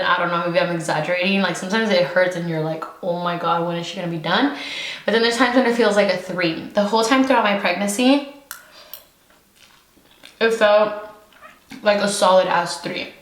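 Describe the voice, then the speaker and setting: A woman's voice: medium pitch, normal speed, pauses often, roomy sound. A woman from California talking frankly in a casual mukbang chat, full of fillers. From California, USA. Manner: chatty, frank, many fillers. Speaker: beauty vlogger.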